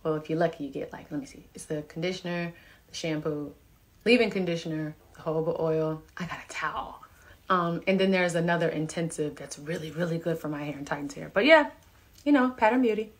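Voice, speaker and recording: A woman in her thirties hosting a casual live stream from home on a phone, chatting with viewers and reading out their comments in a relaxed, chatty way. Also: sits low, fairly quick. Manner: relaxed, chatty, laughing asides. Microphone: phone camera.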